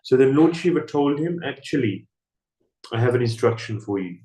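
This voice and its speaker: A man's voice: animated, normal speed, warm tone. A man giving a scripture class, telling a story in sermon style and acting out the characters' lines. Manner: storytelling, acting out dialogue with raised pitch. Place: temple hall. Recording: echoey room.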